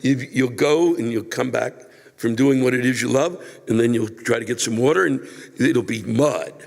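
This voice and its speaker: Older male comic, exasperated profane rant, gravelly voice, long reverb. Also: mid-range voice, moderate pace. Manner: ranting, profane, exasperated outbursts. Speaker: comedian. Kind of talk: stand-up rant answering a viewer letter.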